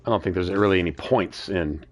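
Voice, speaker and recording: A man's voice: sits low, brisk, highs cut off, faint music behind. A man playing a game with a friend, chatting casually in a playful, brash, teasing way. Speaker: co-player. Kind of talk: casual gaming chat.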